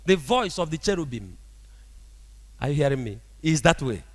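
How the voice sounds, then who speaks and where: A man preaching a sermon as a prophet, animated and often asking the congregation rhetorical questions. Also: fairly high pitch, moderate pace, big-room sound.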